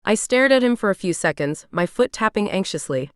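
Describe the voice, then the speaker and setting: A woman narrates a first-person romance audiobook in a steady, even way. Her voice is smooth and clear, at a middle pitch, and it sits close and dry on the mic. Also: brisk, dry recording.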